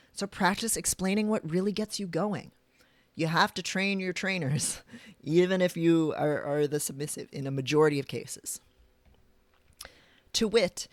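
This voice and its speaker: A man with a fairly high voice reads aloud from his own writing during a live stream, blunt and unembarrassed. He keeps drifting from the text into casual personal asides. The sound is close and dry, with no room behind it. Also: dry recording. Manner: frank and blunt, breaking into chatty personal tangents. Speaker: livestreamer discussing his book. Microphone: desk mic for a live stream.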